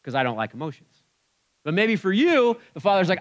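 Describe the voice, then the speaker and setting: A man preaching a sermon in a conversational way, swinging between loud emphatic bursts and quiet asides. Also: a little high, big pitch swings, normal speed. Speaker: pastor.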